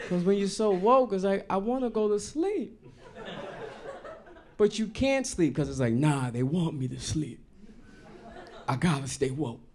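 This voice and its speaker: A man performing a stand-up comedy set on a live stage, talking in a loose, slangy way and acting out characters in quick quotes. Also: fairly high pitch, gravelly, darkish tone. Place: live venue stage with audience.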